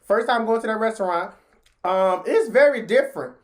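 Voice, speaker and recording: A woman telling a story in a casual vlog, chatty and slangy, talking straight to her viewers. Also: moderate pace. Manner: animated, jumps into high pitch when acting out what people said.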